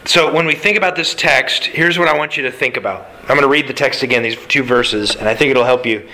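A man's voice: mid-range voice, lively intonation, normal speed, bright, forceful tone, rough recording. A man preaching a sermon in a conversational way, with fillers and asides. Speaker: pastor.

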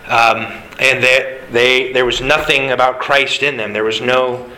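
A man's voice: medium pitch, fairly even intonation, measured pace, sharp tone, low-quality recording. A man preaching a sermon in a conversational way, with fillers and asides. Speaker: pastor.

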